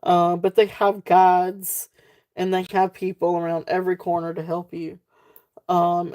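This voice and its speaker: A woman's voice: on the low side, warm tone. A woman with a Southern accent hosting a live jewelry sale, chatting casually and rambling off on tangents, laughing often. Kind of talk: casual live-stream selling chat.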